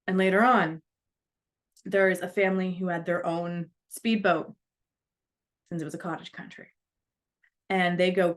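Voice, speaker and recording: A woman's voice: fairly low pitch, level tone, a little slow, long pauses. A woman giving a storytelling talk, earnest, acting out the voices of the people she quotes. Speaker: speaker.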